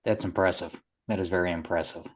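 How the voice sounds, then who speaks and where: A man's voice: low-pitched, steady tone, quick pace. Joking man co-host. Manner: joking, offhand asides. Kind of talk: casual interview chat.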